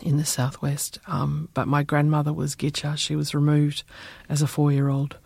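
A middle-aged Australian man with a gravelly, slightly raised voice, telling his stories with lively expression. The sound is close and dry, with no room around it. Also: on the high side, normal speed, dry recording. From Perth, Western Australia. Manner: expressive, animated storyteller. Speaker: musician, former journalist. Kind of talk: interview storytelling.

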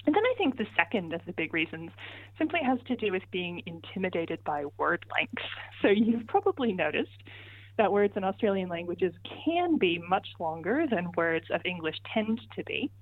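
A woman's voice: lowish voice, big pitch swings, normal speed, no echo. A woman answering interview questions as a linguistics guest, patient and methodical, walking through examples step by step. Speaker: linguist guest explaining pronunciation. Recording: tinny phone line, dry.

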